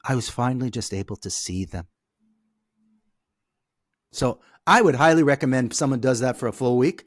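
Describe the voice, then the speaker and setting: A man who is a podcast guest, telling a personal story in a lively way. He often checks in with the listener by asking "okay?". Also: medium pitch, moderate pace, no room sound, studio quality.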